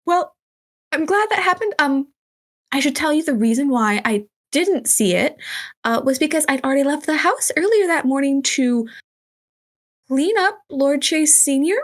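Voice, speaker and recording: A woman's voice: high voice, normal speed. A woman playing her character in a tabletop role-play game, bossy and bold, with casual swearing. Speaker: player.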